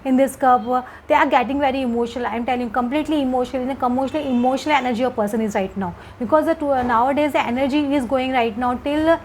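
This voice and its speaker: High-voiced woman. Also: rapid-fire, few pauses, darkish tone, a little hiss or hum, low-quality recording. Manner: hesitant, repetitive, many fillers. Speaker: tarot reader. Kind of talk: casual tarot card reading to camera.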